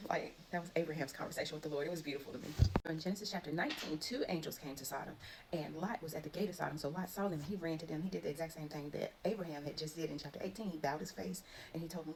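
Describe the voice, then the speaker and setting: A woman recaps Bible stories in a relaxed, conversational way, talking quickly and easily. Her voice sits a bit low for a woman. A faint hiss of background noise sits under her voice. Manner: chatty, retells scripture in everyday speech. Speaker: Bible reading vlogger.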